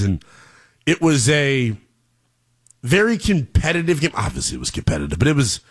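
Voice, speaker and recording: A man hosting a college football talk show, brash and emphatic, repeating lines for punch. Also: mid-range voice. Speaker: sports show host.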